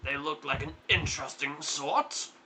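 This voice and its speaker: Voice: mid-range voice, measured pace, noisy background, close to an everyday voice. A performer voicing a short, portly, jovial older duke who gushes and repeats himself. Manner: effusive, repeats words.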